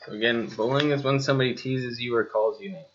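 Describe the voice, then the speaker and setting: A man's voice: medium pitch, quick pace, fairly bright tone, muffled recording, slight background noise. A man teaching a spoken lesson, talking straight to the listener with rhetorical questions and a touch of sarcasm. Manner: mildly sarcastic asides. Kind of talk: spoken lesson over slides.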